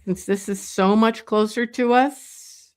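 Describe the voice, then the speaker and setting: A woman walks viewers through a drawing lesson at an unhurried pace. She thinks aloud as she works, with plenty of pauses and fillers. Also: mid-range voice, steady tone. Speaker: art teacher. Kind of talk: drawing tutorial.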